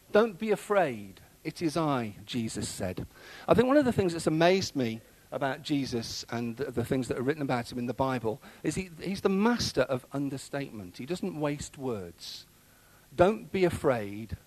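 A man's voice: fairly high pitch, dry recording, rough recording. Man preaching a conversational sermon. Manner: conversational, with many fillers and restarts.

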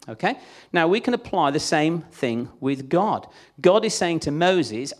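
A man's voice: a little high, very animated, unhurried, few pauses. A man preaching a sermon in a chatty, conversational way, acting out the voices he quotes.

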